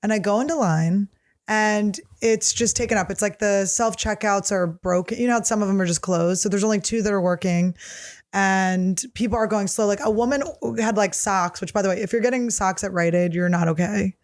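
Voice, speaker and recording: A woman's voice: mid-range voice, fairly quick. Female podcast host, brash comic storyteller, rant-style delivery. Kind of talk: comedic storytelling chat.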